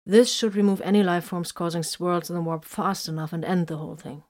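A woman voicing a tightly strung male space marine librarian, speaking quietly and clipped, in a fan story reading. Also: lowish voice, steady tone, a little fast, lightly acted. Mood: grim. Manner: quiet, clipped, then bursts into roaring.

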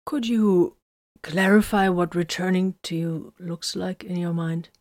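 A woman's voice: lowish voice, steady tone, measured pace, a little mellow, no room sound, clean studio sound, close to an everyday voice. A woman reading a story, voicing a blunt, sarcastic young woman with mystic powers.

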